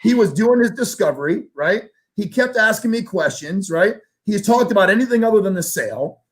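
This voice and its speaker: In a laid-back interview, a male guest sales trainer tells a lively story, voicing the dialogue himself and swearing casually. He speaks a little fast in a high-sitting voice.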